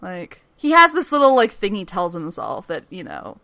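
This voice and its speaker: A woman's voice: on the low side, moderate pace, no room sound. A woman co-hosting a podcast, casually recapping a TV episode with profanity and acted-out lines. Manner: animated, profane, mimics characters' lines. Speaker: podcast co-host recapping a TV show.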